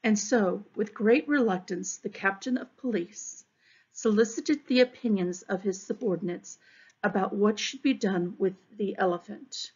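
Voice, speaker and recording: A woman, a third-grade teacher, reading a storybook aloud to her class in a measured way. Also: medium pitch, breathy edge. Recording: dull, muffled recording.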